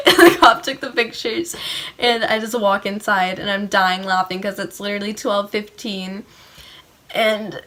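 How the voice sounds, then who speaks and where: A woman's voice: mid-range voice, bright, forceful tone. Giggly teenage girl telling a story. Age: teens. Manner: giggly, laughs often mid-sentence; filler-heavy, says "like" a lot. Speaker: vlogger. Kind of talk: casual storytime.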